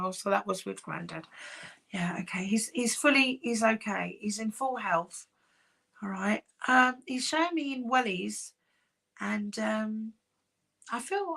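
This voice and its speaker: A woman working as a psychic medium, giving live-streamed readings in a soft, reassuring, chatty way with many pauses. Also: mid-range voice, gravelly. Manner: soft, reassuring, calls sitters "my darling".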